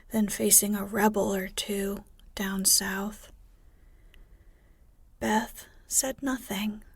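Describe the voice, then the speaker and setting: Woman narrator, sleep story, whispered, very slow, breathy, dry close sound. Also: mid-range voice, no room sound. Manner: soft, unvoiced whisper.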